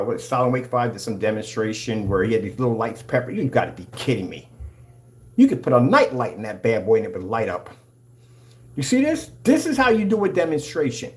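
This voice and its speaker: Brief: male company owner, excitable and combative, rants about his product demos in a mid-pitched voice. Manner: hyped, combative, preachy. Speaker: screen paint company owner. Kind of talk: excited product demonstration rant.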